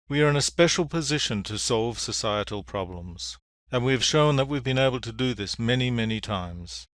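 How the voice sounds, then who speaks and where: Measured male professor, dry sound. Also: lowish voice, a bit bright, dry recording. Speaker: engineering professor giving an award lecture. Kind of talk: public lecture with a told fable. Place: lecture venue.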